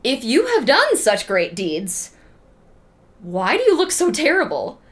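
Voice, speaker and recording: A woman's voice: high-pitched, huge pitch swings, unhurried, pitched above the performer's own voice, heavily acted. A woman voicing a wary young goddess who runs a tavern, speaking in a skeptical, questioning tone. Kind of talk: casual storytelling with acted quotes.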